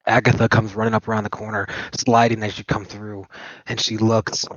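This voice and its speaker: A man's voice: on the low side, level tone, fairly quick, a bit bright, no echo. A man narrating as game master of a tabletop game, describing scenes loosely with fillers and chuckles. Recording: dull lo-fi dry mic.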